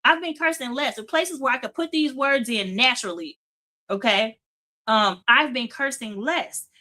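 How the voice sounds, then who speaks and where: A woman's voice: on the high side, moderate pace, sharp tone. A woman hosting a faith-based motivational talk show, speaking emphatically and repeating phrases for emphasis. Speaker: host.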